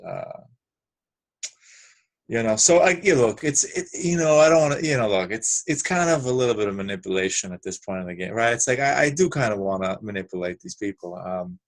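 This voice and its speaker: Halting man, full of restarts. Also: medium pitch. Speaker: guest. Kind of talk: casual discussion.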